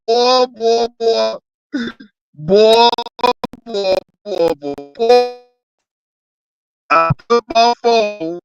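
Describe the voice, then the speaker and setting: A reaction channel host in casual commentary, laughing often, teasing chat viewers and repeating words in excited bursts. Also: mid-range voice, takes it slowly, pauses often, muffled recording, over music.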